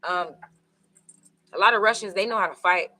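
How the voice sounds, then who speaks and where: Casting: woman tarot reader, bright tone, loose rambling delivery with fillers. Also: mid-range voice, moderate pace, poor audio. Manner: rambling, conversational, with many fillers. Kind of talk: casual tarot reading.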